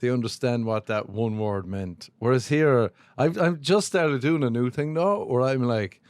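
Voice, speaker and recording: An Irish man with a deep, mumbly voice, talking loosely and laughing a lot as a podcast guest. His voice is recorded dry and close in a studio. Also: measured pace, dry recording. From Ireland. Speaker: stand-up comedian guest. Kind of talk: casual chat.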